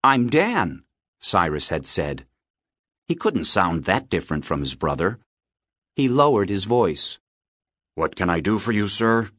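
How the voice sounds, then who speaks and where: A man voicing an irritated young boy who fakes polite phone manners in quick, clipped bursts. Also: deep voice, big pitch swings, fairly bright tone, dry recording, studio quality, full character voice.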